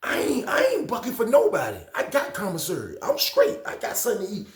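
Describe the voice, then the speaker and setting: A man doing a stubborn older inmate, strained and much higher than his own voice, echoey room. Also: wildly swooping pitch, fast. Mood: defiant. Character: defiant older male inmate, about fifty.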